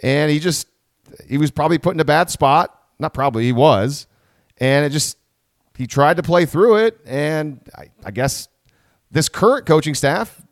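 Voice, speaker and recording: A man's voice: on the high side, dry recording. Rambling man on a dry close mic. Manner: rambling, self-correcting, quick asides. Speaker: podcast host. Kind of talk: casual sports podcast chat.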